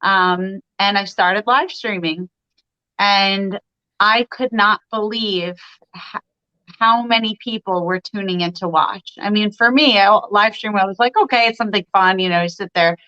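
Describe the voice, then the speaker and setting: Bright-voiced woman on a dull stream line. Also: medium pitch, steady tone, measured pace. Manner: friendly, chatty, slightly hesitant with fillers. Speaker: guest, country singer. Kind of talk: casual interview.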